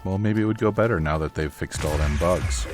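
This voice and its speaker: A man's voice: deep voice, fairly quick. A man playing a video game and chatting casually in a dry, matter-of-fact way. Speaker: let's play player. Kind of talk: casual gaming chat. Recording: music in background.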